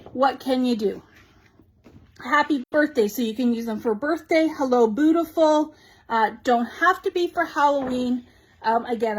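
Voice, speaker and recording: Bubbly, high-voiced woman host. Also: poor audio. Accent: Canadian English. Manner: bubbly and gushing, quick asides to viewers. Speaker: shop host showing new craft products. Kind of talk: live product showcase chat.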